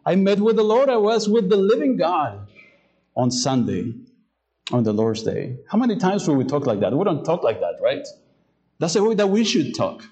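A male pastor preaching a sermon, hesitant with fillers when telling a story and slowing down to read scripture aloud. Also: a little high, a little mellow, low-quality recording.

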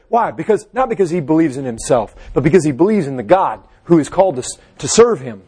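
A man preaching a fervent sermon, swinging between loud exhortation and low, hushed passages. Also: sing-song, fairly quick, hardly any pauses, breathy edge.

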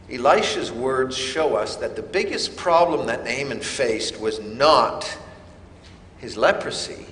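Slow, emphatic male preacher. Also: medium pitch, fairly bright tone, echoey room, long reverb tail. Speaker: pastor. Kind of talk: sermon.

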